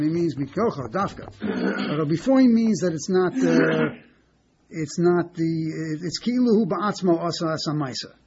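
A man with a slightly high voice gives a Talmud class lecture, stopping and restarting, repeating words and asking "okay?" to keep his listeners with him. The recording is dull and lo-fi, with a faint hiss underneath. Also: darkish tone. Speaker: Talmud teacher.

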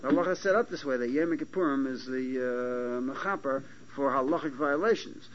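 A man giving a Talmudic lecture to a small class, halting and restarting often and checking that his listeners follow. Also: medium pitch. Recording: dull lo-fi lecture recording with faint hiss.

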